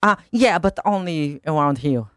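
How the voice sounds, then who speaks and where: A woman's voice: sits low, animated, moderate pace, dry recording. A woman from Israel with an Israeli accent, a journalist being interviewed in a radio studio, often restarting and repeating words as she finds her thought. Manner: hesitant, repeats words when starting a thought. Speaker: guest journalist.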